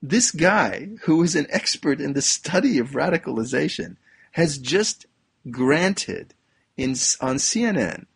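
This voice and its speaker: A man's voice: fairly high pitch, expressive, unhurried, creaky, breathy edge. A man reading a news article aloud and picking it apart sarcastically, often breaking into laughter. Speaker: commentator.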